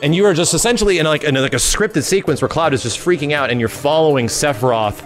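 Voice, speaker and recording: A man hosting a gaming channel, recapping a game preview in an excitable, profane way, full of fillers and hummed tunes. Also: a little high, fast talker, soft background music. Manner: excitable and profane, with lots of fillers and sung hums.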